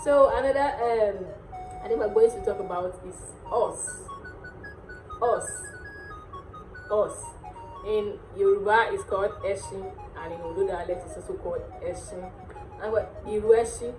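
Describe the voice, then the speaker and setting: A Nigerian woman hosting a casual language lesson, repeating words slowly and laughing often. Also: medium pitch. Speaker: dialect teacher and channel host. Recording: echoey room with faint music.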